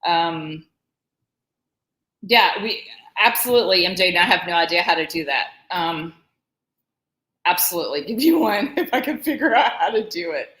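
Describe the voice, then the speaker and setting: In an echoey room, a woman in her forties with a Southern US accent co-hosts a live stream, rambling, chatty, and laughing often. Her voice is lowish and fairly bright, with lively intonation, a moderate pace, and frequent pauses.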